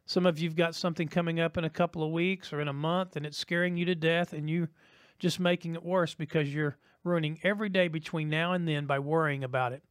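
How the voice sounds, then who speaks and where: High-voiced man preaching a sermon. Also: fairly even intonation, brisk, smooth, no room sound, studio quality. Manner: emphatic, rhythmic, repeats key lines. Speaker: pastor.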